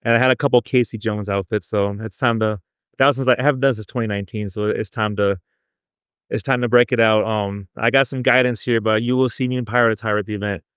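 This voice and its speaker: A man's voice: fairly low pitch, fast talker, smooth, dry recording, studio quality. Laid-back man chatting on a podcast. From El Paso, Texas. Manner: relaxed, chatty, loose with fillers. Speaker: podcast host. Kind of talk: casual chat.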